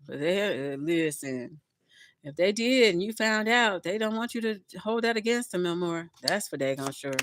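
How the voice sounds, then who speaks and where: A woman in the middle of a casual collective tarot reading, speaking at a medium pitch. She talks in a chatty, expressive way, breaks into laughter often, and addresses both spirit and her viewers directly. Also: no echo. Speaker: tarot reader.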